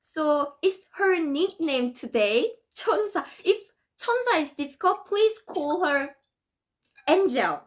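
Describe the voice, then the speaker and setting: A bubbly woman from Korea hosts a casual live stream, laughing often as she talks. Her voice sits very high and swings widely in pitch, full of animated energy. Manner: bubbly, laughs often, quick shifts between languages. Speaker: host. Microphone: phone call over social media app.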